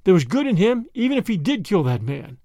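A woman's voice: medium pitch, sing-song, a little fast, mellow, dry recording, studio quality. A man voicing a kindly, stubborn old grandmother who talks in a fussy, earnest way.

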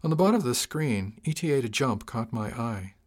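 A man narrates a novel in first person at an ordinary pitch and a measured pace. His reading is wry and steady throughout. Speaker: audiobook narrator.

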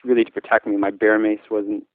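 A man from Newfoundland, Canada, recounting a frightening memory in casual speech, halting often with restarts and fillers. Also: on the low side, level tone, no room sound, narrow, tinny audio. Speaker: schoolteacher telling his story. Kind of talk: casual spoken recollection.

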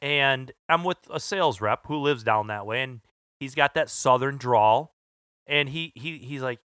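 A man's voice: medium pitch, measured pace, pushed and bright, clean tone, dry recording, clean studio sound. A man co-hosting a podcast, chatty as he tells a personal anecdote and laughs along. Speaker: podcast co-host. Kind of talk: casual chat.

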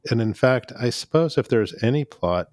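A man interviewing a guest, asking calm, appreciative, unhurried questions. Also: mid-range voice, dry recording.

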